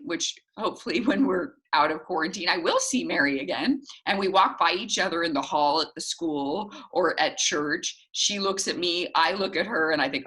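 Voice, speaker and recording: Woman, middle-aged, low voice, lively sales coach who acts out dialogues. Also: normal speed, hardly any pauses. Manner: animated, acts out little dialogues with jumps in pitch. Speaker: sales team leader. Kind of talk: coaching talk to a sales team.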